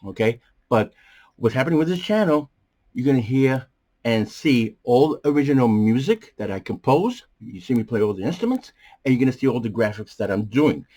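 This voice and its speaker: A man hosts a movie review show, talking in a rambling, animated way. His voice is strained, with coughs breaking through, and he restarts his sentences often. He talks from a small bedroom studio. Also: medium pitch, moderate pace. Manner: animated, jumps around, many fillers and restarts. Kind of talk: casual rambling commentary.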